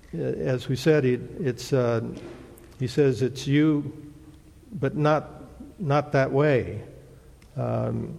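A man teaching a Bible lesson in a plain, halting way, often pausing on "uh" as he explains a scripture passage. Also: mid-range voice, gravelly, darkish tone. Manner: plain, hesitant teaching with many "uh" fillers. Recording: long hall reverb.

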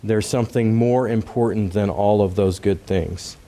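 A man's voice: fairly low pitch, normal speed, dark tone. A man giving a conversational sermon, talking casually and directly to his listeners and asking rhetorical questions. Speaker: preacher.

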